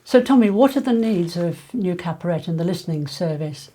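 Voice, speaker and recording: A woman hosting an interview, gentle and encouraging, with frequent affirmations. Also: fairly low pitch, lively intonation, brisk. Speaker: interviewer, host. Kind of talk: interview questions.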